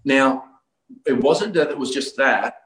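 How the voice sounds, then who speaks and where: Speaking as a guest, this Australian man, middle-aged or older, shares the personal story of his religious conversion with earnest sincerity and many halting restarts. His voice is mid-range and a bit bright, and there's a roomy echo.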